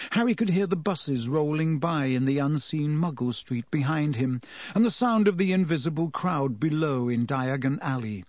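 A man narrating a storybook aloud in a steady, clear reading voice, recorded close to the mic. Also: fairly high pitch, dry recording. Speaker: audiobook narrator.

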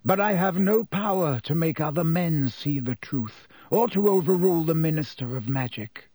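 Brief: calm old wizard headmaster, deliberate and clear, warm husky tone, read by a man. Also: on the high side, no room sound. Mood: grave. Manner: slow, quiet and very clear. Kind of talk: audiobook character voice.

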